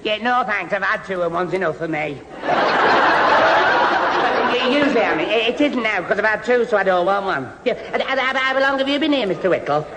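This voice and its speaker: A man's voice: high-pitched, animated, a little fast, over a noisy crowd, very noisy. A man playing a bumbling young man who stammers and rambles in tangles in a 1970s radio comedy. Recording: old radio recording, echoey hall, faint audience.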